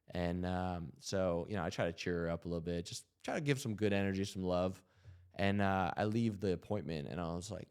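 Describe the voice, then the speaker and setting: A man in his thirties with a very low, deep voice speaks earnestly on a podcast. He reflects as he tells his story, leaning on "you know" and "like" as he goes. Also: lively intonation, fast talker, a little mellow, clear, resonant tone. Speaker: podcast host.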